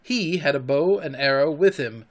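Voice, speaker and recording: A man hosting a podcast, reading a children's story aloud with expressive narration. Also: on the high side, normal speed.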